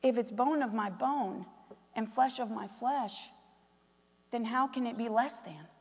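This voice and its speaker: High-voiced woman preaching in a reverberant hall. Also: measured pace. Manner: animated, asks the crowd many questions. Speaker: pastor's wife preaching. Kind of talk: sermon.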